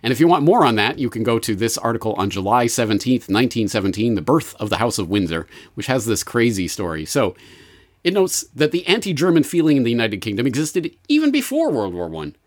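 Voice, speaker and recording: A man's voice: medium pitch, sing-song, quick pace. A man hosting a solo podcast, reading listener mail and commenting with sardonic asides. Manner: sardonic, mock-posh asides. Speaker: host.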